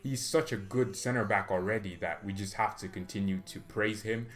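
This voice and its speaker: A man's voice: lowish voice, normal speed. Rambling, chatty male football fan. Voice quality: rambling, chatty, filler-heavy. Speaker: fan channel host. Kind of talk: casual football commentary.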